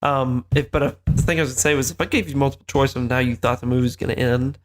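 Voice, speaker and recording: A man's voice: mid-range voice, steady tone, rapid-fire, soft background music. A man co-hosting a podcast in casual film chat, rambling and losing his train of thought. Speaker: podcast co-host.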